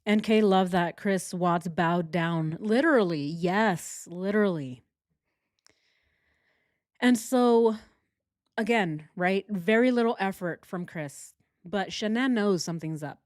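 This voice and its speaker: A woman's voice: mid-range voice, slow, a little mellow, no room sound. Woman, true crime commentary, sarcastic, exasperated, dry close-miked sound. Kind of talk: true crime commentary reading text messages.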